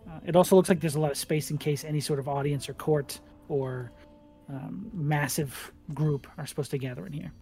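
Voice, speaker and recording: A man running a tabletop role-playing game as game master, describing scenes in an unhurried, detailed way. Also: a little high, dark tone, faint music behind.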